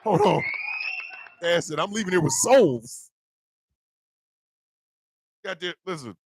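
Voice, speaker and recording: A male host in a profane, loud comedic live-stream rant who laughs often. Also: high voice, expressive, takes it slowly, husky, no echo.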